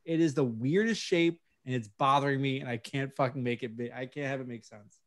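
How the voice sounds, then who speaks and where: A man's voice: mid-range voice, a little fast, fairly bright tone. A man co-hosting a casual podcast, rambling and fixated on a detail, mocking himself. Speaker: podcast co-host. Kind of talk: casual chat.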